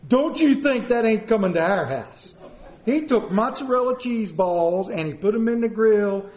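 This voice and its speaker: High-voiced pastor in echoey church. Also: male voice, animated, normal speed, darkish tone. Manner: folksy, joking storyteller. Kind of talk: sermon. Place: church sanctuary. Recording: roomy church echo.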